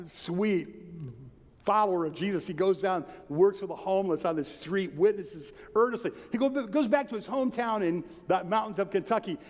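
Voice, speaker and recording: A man preaching a sermon with earnest, animated delivery and many rhetorical questions. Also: sits high. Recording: long hall reverb.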